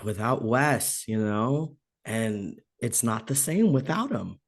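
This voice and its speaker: A man's voice: mid-range voice, sing-song, slow. A man in a casual horror podcast chat, talking thoughtfully with loose filler words.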